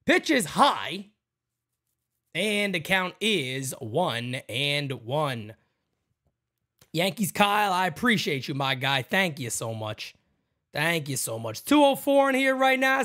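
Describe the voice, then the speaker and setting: A man hosting a fan livestream, calling a baseball game pitch by pitch in a casual, excitable way and chatting with viewers between plays. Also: a little slow. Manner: excitable, jumps to loud calls on big plays. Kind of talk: casual play-by-play with chat shout-outs.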